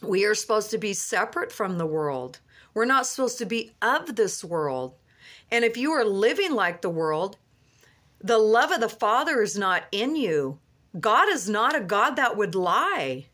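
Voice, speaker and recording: An earnest woman in a mid-pitched voice preaches a heartfelt religious message from her car. She rambles and restarts often, filling her pauses with "you know." She speaks with fervent, plain conviction. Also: sing-song, fairly bright tone. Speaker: Christian vlogger.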